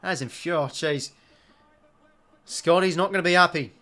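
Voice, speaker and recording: Young Australian man, slightly high voice, live watch-along caller, excitable and sweary. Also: normal speed. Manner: excitable, shouts at big moments, swears; chatty asides and thanks to viewers. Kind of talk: live fan commentary.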